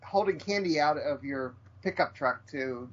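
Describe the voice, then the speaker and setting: A man's voice: a little high, expressive, normal speed, background noise. An American man teasing his co-host in casual podcast banter, with stumbling restarts. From United States. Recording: muffled lo-fi podcast audio. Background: faint music.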